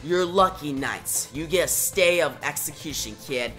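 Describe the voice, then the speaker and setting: A woman's voice: low-pitched, measured pace, fairly bright tone, soft background music, pitched below the performer's own voice. A woman voicing a cocky male henchman who throws out sneering, tough-guy taunts. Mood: taunting.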